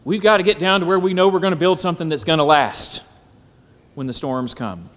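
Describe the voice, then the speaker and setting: A man preaching a sermon at a symposium, often pausing on "Amen" and building to emphatic, climbing phrases. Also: a little high, a bit bright. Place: hall at a symposium. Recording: echoey hall.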